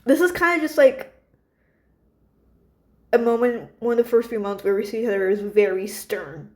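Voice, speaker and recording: A woman's voice: a little high, moderate pace. A woman casually retelling a story about her characters, rambling with many fillers and restarts.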